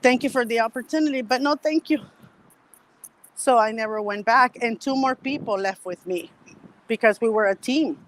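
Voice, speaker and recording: Animated woman telling a story. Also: on the high side, moderate pace, a little hiss or hum, low-quality recording. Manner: animated storyteller who acts out quoted dialogue. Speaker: podcast guest. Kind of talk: casual storytelling conversation.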